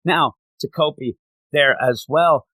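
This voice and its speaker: A man's voice: a little high, slow, dry recording. A man co-hosting a manga review show, animatedly retelling the story in casual chat and emotionally invested in it. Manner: animated retelling, acting out characters' lines.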